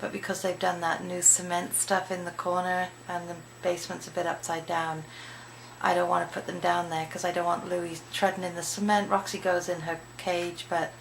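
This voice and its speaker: A British woman talks into her camera at home at the end of a tiring day, rambling casually and chatting to her dogs. Her voice is low and gravelly. The home camera audio carries a clear hiss of background noise. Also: level tone, normal speed, low-quality recording. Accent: British English. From Britain. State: tired. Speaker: vlogger. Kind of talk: casual video diary. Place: home indoors.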